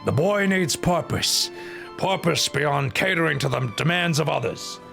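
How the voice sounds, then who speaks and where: A man's voice: on the high side, expressive, measured pace, vocal fry, a bit bright, faint music behind, full character voice. A man playing a stately old father figure. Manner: stately tone broken by crude insults. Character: proud older male leader, the heroine's father. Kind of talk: playful dub-over of a game cutscene.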